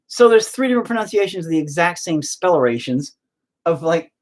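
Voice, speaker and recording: A man's voice: a little high, lively intonation, fairly quick. A middle-aged man hosting a painting video, chatting casually and ranting with heavy profanity in exasperation. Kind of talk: casual chat while painting.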